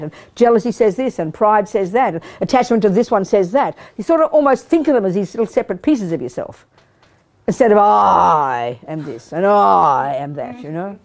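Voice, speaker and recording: A woman's voice: on the high side, darkish tone. A woman giving a Buddhist teaching talk to a study group, blunt and emphatic, now and then acting out the inner voices she describes. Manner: acts out quoted inner voices.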